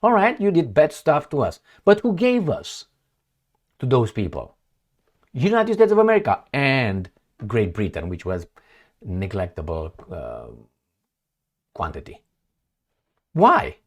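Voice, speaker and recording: With a medium-pitched voice that swoops wildly, a man talks a little slowly and pauses often. He is a Romanian-speaking Eastern European political commentator, using non-native English for a sarcastic, heated monologue while gesturing at a map.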